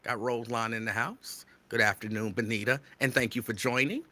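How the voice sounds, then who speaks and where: Excitable man with a bright, loud voice. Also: mid-range voice, a little fast, hardly any pauses, no room sound. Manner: loud and excitable, near yelling. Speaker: radio host. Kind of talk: live show shout-outs to listeners.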